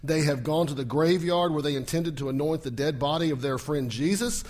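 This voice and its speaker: A male pastor with a slightly high, brisk voice preaches a sermon, telling the story vividly. He acts out scenes, shouts at the peaks, and checks in with the congregation through rhetorical questions.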